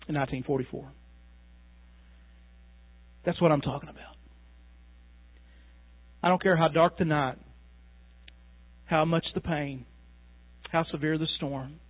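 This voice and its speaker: A man preaching a sermon as pastor, earnest and warm in appeal, closing with a prayer and an altar call. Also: fairly high pitch. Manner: earnest preaching, rising with emotion when reading the poem. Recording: tinny phone-like sound with mains hum.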